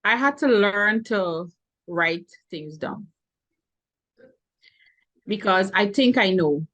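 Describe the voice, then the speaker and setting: Frank, animated businesswoman in dry sound. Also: medium pitch, slow, no echo, lo-fi sound. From Guyana. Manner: animated and frank, laughing now and then, stressing key words. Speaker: business owner, interview guest. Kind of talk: earnest conversational interview answers.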